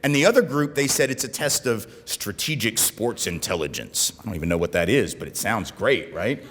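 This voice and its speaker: An American man giving a conference keynote, animated and gesturing, often checking in with "right?". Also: fairly low pitch, brisk, slightly rough. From United States. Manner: animated, talks with his hands, keeps asking "right?". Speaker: keynote speaker. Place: conference hall in front of an audience. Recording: long reverb of a conference hall.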